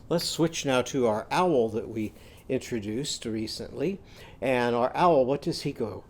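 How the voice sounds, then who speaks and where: A man teaching a phonics lesson to young children, chanting slowly and gently prompting them to join in. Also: mid-range voice, animated. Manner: slow call-and-response chanting.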